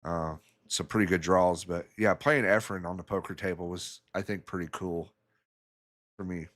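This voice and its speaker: A man's voice: low voice, steady tone, moderate pace, fairly bright tone. A man commentating a pool match in a casual way, rambling through stories and chuckling often.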